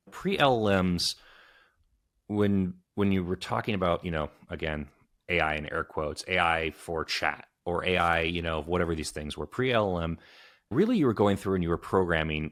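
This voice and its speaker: Deep-voiced podcast host guy, rambly, chatty asides. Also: a bit bright. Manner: chatty, thinks aloud with long asides. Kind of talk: podcast interview.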